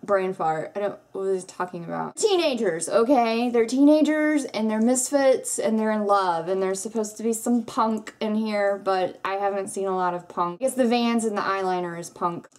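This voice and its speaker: A woman chatting casually in her own book-review vlog, rambling and self-deprecating, animated when she tells a story. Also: mid-range voice, moderate pace, few pauses. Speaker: book vlogger.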